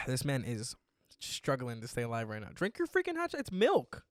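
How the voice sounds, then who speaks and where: A man's voice: medium pitch, wildly swooping pitch, normal speed, no room sound. A young man co-hosting a casual podcast, teasing his friend, swearing freely and leaning on filler words. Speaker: podcast co-host. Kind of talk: casual chat.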